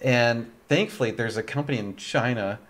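A man's voice: medium pitch, normal speed, a bit bright. A young man hosting a casual livestream chat, tired and yawning, rambling and laughing often. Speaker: livestream host.

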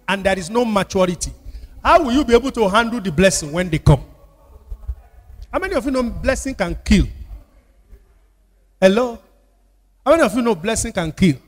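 A man with a Nigerian accent preaching a sermon as pastor, repeating phrases and calling on the congregation to answer. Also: high voice. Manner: call-and-response preaching with repetition. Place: church. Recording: church hall with long reverb.

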